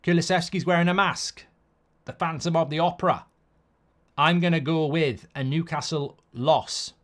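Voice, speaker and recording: A man's voice: fairly high pitch, fairly even intonation, moderate pace, fairly bright tone. A middle-aged man, hosting a football watchalong in a rambling, sweary, casual live-stream chat.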